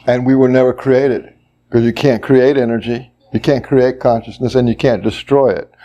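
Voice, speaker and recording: Man, workshop leader, mellow dark voice, explanatory, demonstrates voices. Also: medium pitch, steady tone. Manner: explains slowly, then acts out voices. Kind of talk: workshop teaching. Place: workshop room.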